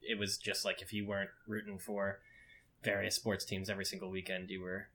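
Low-voiced man chatting. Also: completely flat delivery, fairly quick, bright, forceful tone. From Boston. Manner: chatty, laughs often, trails off mid-sentence. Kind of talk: casual podcast chat.

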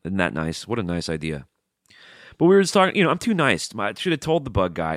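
The Southern podcast host's low-pitched voice moves a little fast here, with clean, dry studio sound. Still a middle-aged man with a Southern accent, he rambles through profane, lively stories in a casual monologue.

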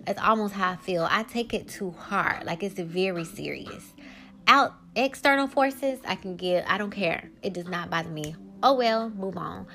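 A woman's voice: medium pitch, normal speed, faint music behind. A woman, hosting her own podcast in a casual monologue that turns heated as she vents. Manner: animated, rising to heated venting. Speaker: podcast host.

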